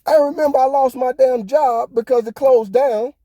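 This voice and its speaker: A man's voice: very high-pitched, steady tone, normal speed, mellow, no echo, studio quality. A man hosting a podcast, ranting heatedly in casual talk, swearing often. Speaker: podcast host. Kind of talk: casual opinion monologue.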